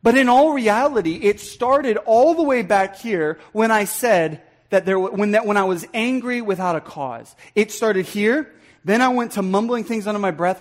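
High-voiced preacher, earnest and direct. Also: male voice, lively intonation, normal speed. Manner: earnest, acts out muttered insults, addresses congregation directly. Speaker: pastor. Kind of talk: sermon. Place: church sanctuary.

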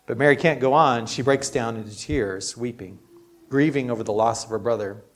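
A man's voice: mid-range voice, moderate pace. Male pastor, everyday sermon delivery, earnest and chatty. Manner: earnest, conversational preaching with frequent "you know".

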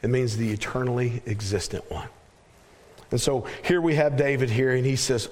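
A man's voice: mid-range voice, moderate pace. Earnest man preaching a sermon. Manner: earnest, repeats words while searching for phrasing. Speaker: pastor.

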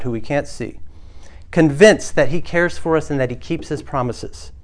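A man preaching a sermon as pastor, earnest and asking the congregation rhetorical questions. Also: mid-range voice.

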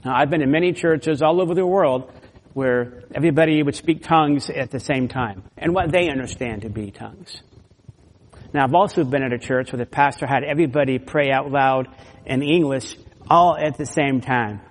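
A man's voice: medium pitch, normal speed. A man preaching an expository sermon, explaining scripture verse by verse and pressing hard on key points. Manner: emphatic, rising loud on key points, repeats words. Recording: long hall reverb.

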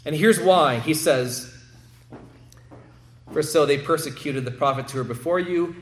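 A man's voice: on the high side, a little slow, slight background noise. Emphatic man preaching in an echoey room. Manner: emphatic, repeats words when building a point. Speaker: pastor. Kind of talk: sermon.

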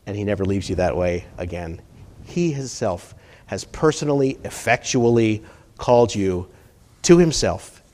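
A middle-aged or older man preaching a sermon, swinging between hushed and emphatic delivery and repeating key phrases. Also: on the low side.

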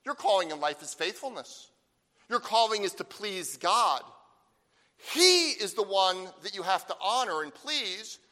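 Man, pastor, sermon, animated pitch, emphatic, long reverb. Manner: emphatic preaching with slow, stressed phrases and rhetorical questions.

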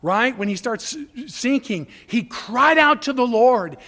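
Man, pastor, sermon, high-pitched voice, emphatic repetition, middle-aged. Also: lively intonation, slow, hardly any pauses, sharp tone. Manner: preaching with swelling emphasis and repetition.

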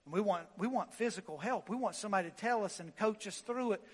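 A man's voice: high voice, fast, breathy edge, big-room sound. A man preaching a sermon as pastor, emphatic, repeating lines and restarting words as he drives a point home.

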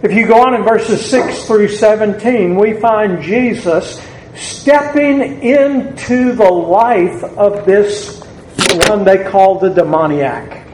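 A man with a Southern US accent preaching a sermon to a congregation in a church, deliberate and building to emphatic peaks. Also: high-pitched, darkish tone, a little hiss or hum. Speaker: pastor. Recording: echoey church room with faint ambience.

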